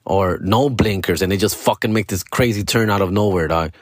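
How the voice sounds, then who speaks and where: Low-voiced profane man venting. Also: a little fast, no room sound, clean studio sound. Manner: profane, slangy, code-switches into Spanish. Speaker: comedian podcaster. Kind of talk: casual venting monologue.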